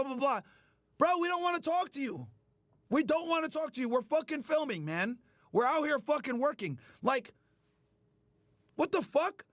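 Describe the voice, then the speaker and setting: A man's voice: very high voice, a bit bright, no echo, studio quality. A man hosting a stream, delivering a heated, profane rant that mocks the people he talks about. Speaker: streamer host. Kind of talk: angry ranting commentary.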